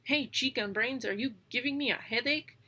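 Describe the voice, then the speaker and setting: A woman's voice: a little high, normal speed, pushed and bright, pitched above the performer's own voice. A woman voicing a brash male raven with a snappish, teasing manner in an audiobook reading. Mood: mocking. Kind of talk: audiobook character voice.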